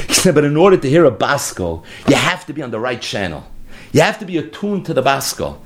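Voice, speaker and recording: A man's voice: on the high side, brisk. A man teaching a Talmud lesson as a story, acting out the quoted speech and mixing Hebrew and Yiddish terms into his English. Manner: lively storyteller who acts out quoted speech. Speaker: Torah teacher.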